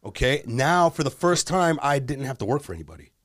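This Detroit man, a comedian on a podcast, speaks fairly quickly at medium pitch while telling a long, casual story. He swears liberally and does voices for the people involved, captured in a dry, clean studio recording.

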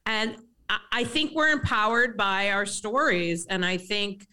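A woman's voice: medium pitch, a little slow, pushed and bright, clean tone. A woman hosting a casual conversation, chatty and telling stories with easy laughter. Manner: chatty, storytelling, laughs often. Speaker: podcast host.

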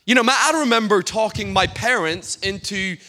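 A Scottish man, a guest pastor, preaching a sermon with humorous storytelling and quick stammered repeats, in a church hall. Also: high voice, pushed and bright. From Scotland. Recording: long reverb of a church hall.

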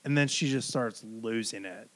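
A young man hosting a podcast, talking casually and swearing now and then. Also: medium pitch. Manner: slow, laid-back, swears casually. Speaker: podcast host. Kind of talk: casual chat.

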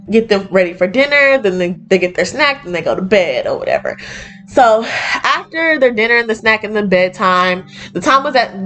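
A young woman talks through a personal story in a loose, conversational way, using everyday speech and many "like"s. She slips into livelier voices when she quotes others. Faint music plays quietly behind her. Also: medium pitch. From United States. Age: young adult. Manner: animated, acts out quoted voices. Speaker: podcast host. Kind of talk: casual storytelling.

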